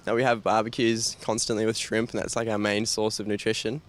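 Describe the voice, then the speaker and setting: A man's voice: lowish voice, little pitch movement, a little fast, a little hiss or hum. A man from Australia joking about stereotypes in a street interview.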